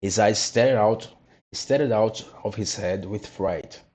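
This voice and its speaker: Husky male storybook narrator. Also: lowish voice, takes it slowly, darkish tone. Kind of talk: storybook read-aloud.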